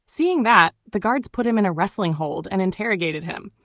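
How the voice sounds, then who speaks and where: A woman reading memoir narration in an even, measured way. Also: mid-range voice, dry recording. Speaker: audiobook narrator.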